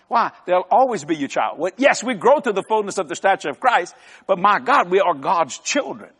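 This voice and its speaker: A man's voice: sits high, expressive, fairly quick, fairly bright tone. An older man preaching a sermon, folksy and emphatic, joking with his congregation. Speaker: televangelist preacher. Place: large church hall. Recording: long hall reverb.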